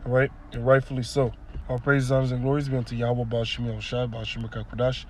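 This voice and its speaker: A man's voice: medium pitch, little pitch movement, fast, slight background noise. A man preaching, reading verses aloud and then explaining them line by line with strong emphasis. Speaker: scripture teacher.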